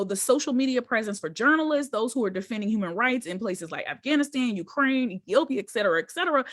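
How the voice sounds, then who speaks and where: A woman's voice: fairly high pitch, a bit bright, no echo. A woman co-hosting a podcast in casual chat, laughing easily and explaining with context. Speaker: podcast co-host.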